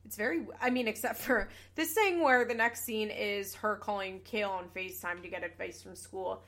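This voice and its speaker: A woman's voice: medium pitch, a bit bright. Young woman host, casual chatty recap delivery, sarcastic and profane, mid-range voice. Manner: chatty, sarcastic, swears casually, quick asides. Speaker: podcast host recapping a reality show. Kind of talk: casual chat.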